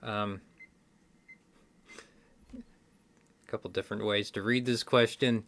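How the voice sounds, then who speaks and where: A man's voice: lowish voice, fairly even intonation, takes it slowly, a bit bright, slight background noise. Rambling Midwestern man hosting trivia. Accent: Midwestern American. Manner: rambling, self-correcting, wry asides. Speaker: trivia video host. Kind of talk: casual solo chat to camera. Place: indoors, card game stack behind him.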